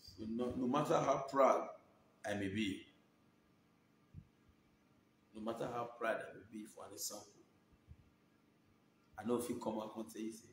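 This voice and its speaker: A man's voice: fairly low pitch, steady tone, brisk, pauses often, roomy sound, slight background noise. A Nigerian man chatting casually and thanking his viewers by name, mixing Pidgin with English. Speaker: online video host. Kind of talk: casual shout-outs to viewers.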